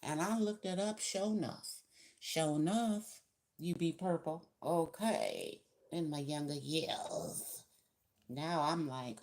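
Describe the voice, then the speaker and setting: A woman's voice: low voice, lively intonation, takes it slowly. A woman giving a casual tarot reading, chatty and laughing often, acting out the people she quotes. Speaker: tarot reader.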